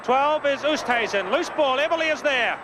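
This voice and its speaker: A man giving brisk live rugby play-by-play commentary, lifting his voice on big plays, from a worn old videotape broadcast. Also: extremely high pitch, animated. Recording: worn old VHS broadcast with crowd noise.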